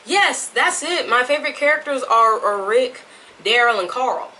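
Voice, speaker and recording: A woman's voice: fairly high pitch, expressive, moderate pace, sharp tone. Chatty woman with put-on Southern drawl. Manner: chatty, rambling yapper. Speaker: vlogger. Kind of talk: casual chat to camera. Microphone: camera mic at a distance. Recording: distant camera mic, faint room noise.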